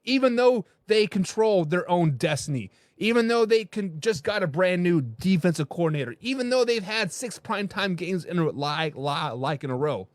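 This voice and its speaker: A man hosting a casual sports talk show, reading viewer comments and asking his co-host questions in an animated way. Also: high-pitched, moderate pace, hardly any pauses, dry recording.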